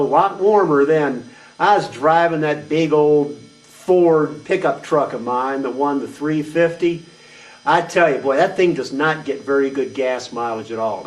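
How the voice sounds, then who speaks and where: A man's voice: a little high, close to an everyday voice. A man playing a boastful, reckless redneck trucker, talking in a rambling, folksy, crude way in a comedic character monologue. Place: small venue stage. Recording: distant mic at open mic.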